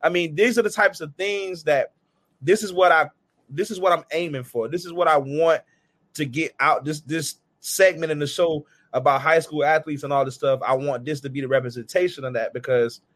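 Earnest higher-voiced male host. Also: moderate pace, fairly bright tone, no echo. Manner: earnest, praising, slangy. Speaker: podcast host. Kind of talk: casual interview chat.

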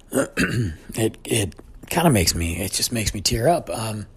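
Guy in his 40s, kinda husky voice, talking slow and heartfelt about family, pitch moves around a lot. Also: sing-song. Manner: heartfelt, thoughtful storytelling. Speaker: father telling a family story. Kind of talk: personal reflective monologue.

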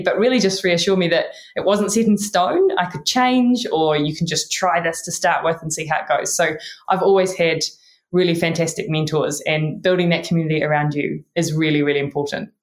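A woman with a New Zealand accent, a neuroscientist answering interview questions in an earnest, encouraging way. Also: on the low side. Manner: warm, earnest, often says "really". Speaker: neuroscientist guest. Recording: roomy echo.

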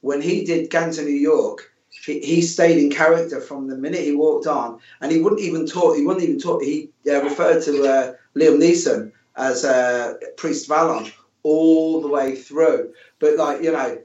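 A man's voice: on the high side, steady tone, normal speed, a little mellow. A man hosting a podcast interview, chatty and jokey, often repeating his words. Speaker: podcast host. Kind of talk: casual interview. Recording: distant, echoey, muffled room sound.

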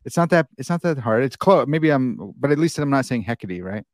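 An American man talking on his podcast in a loose, chatty way, full of fillers and self-mocking asides. His voice sits at an ordinary middle pitch. The sound is close and dry, with no room around it. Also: expressive, fairly quick, a little mellow, dry recording. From United States. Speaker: podcast host. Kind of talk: casual podcast conversation.

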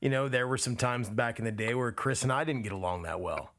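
A man hosting a podcast, chatting in a relaxed conversational way with his guest. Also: medium pitch, fairly quick. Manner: relaxed, conversational, short affirmations. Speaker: podcast host. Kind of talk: casual interview chat.

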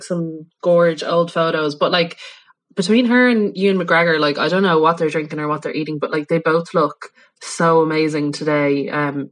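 A woman's voice: low voice, fairly bright tone. A young Irish woman co-hosting a podcast in casual, laughing chat full of fillers. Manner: chatty, laughing, filler-heavy. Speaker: podcast co-host.

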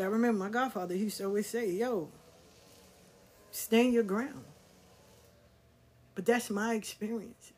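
Blunt, profane husky-voiced woman storyteller. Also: on the low side, a little mellow. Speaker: podcast host. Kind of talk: personal storytelling.

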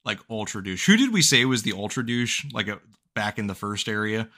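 A man's voice: on the low side, sing-song, brisk, pushed and bright. A man co-hosting a podcast who recaps a video game in casual chat, cursing freely and laughing often. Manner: profane, joking, laughs often. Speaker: podcast co-host.

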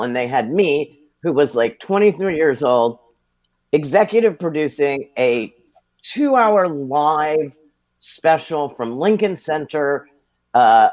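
American man telling lively anecdotes. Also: mid-range voice. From United States. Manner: lively anecdotal storytelling, self-deprecating. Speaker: guest, television producer. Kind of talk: casual storytelling interview.

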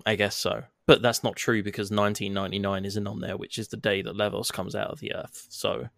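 A man with a lowish voice talking casually on a podcast, swearing freely as he retells events with lively energy. The recording is close and dry. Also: a little fast, vocal fry, no room sound. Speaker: podcast co-host. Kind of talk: casual chat.

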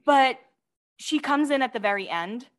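A woman's voice: sits high, lively intonation, moderate pace. A woman co-hosting a podcast, chatting casually and reading out celebrity gossip items with gushing asides. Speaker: podcast co-host.

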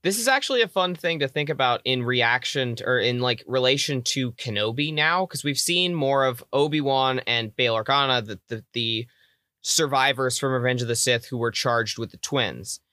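A man co-hosting a casual fan discussion podcast, wry and teasing, talking in quick bursts. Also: medium pitch, sharp tone, no room sound, studio quality. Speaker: podcast co-host.

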